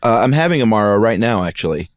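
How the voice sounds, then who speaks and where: A man's voice: lowish voice, animated, fast talker, no room sound, clean studio sound. A man co-hosting a podcast in a laid-back, joking way, chatting casually. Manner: laid-back, jokey, hums little made-up songs. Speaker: podcast co-host. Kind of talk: casual chat.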